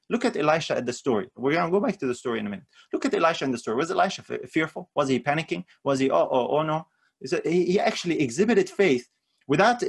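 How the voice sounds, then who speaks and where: A man's voice: fairly high pitch, breathy edge. A man preaching a sermon in an earnest manner, lifting his voice on key phrases and often repeating words.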